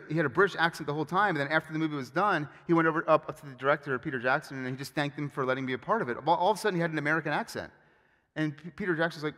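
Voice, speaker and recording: Animated preaching man in a reverberant hall. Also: on the high side. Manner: animated, emphatic storytelling with many restarts. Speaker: pastor. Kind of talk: sermon. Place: church sanctuary.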